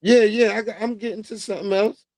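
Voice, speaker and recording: A man's voice: sits high, fairly even intonation, fast, darkish tone, no room sound. A man hosting a livestream, chatting casually with viewers in a rambling, profane way and drifting off on tangents. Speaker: livestream host.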